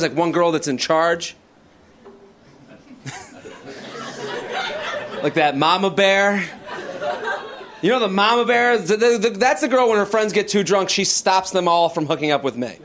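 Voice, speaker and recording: A man performing a stand-up comedy set, animated and shouting out the lines he mimics. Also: fairly high pitch. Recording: live club set with audience noise. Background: audience laughter.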